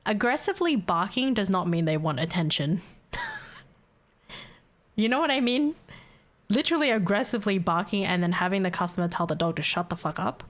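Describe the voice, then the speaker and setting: A woman's voice: mid-range voice, very animated, brisk, long pauses. A young adult woman, ranting bluntly and swearing freely as she chats casually on a livestream. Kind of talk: casual stream chat.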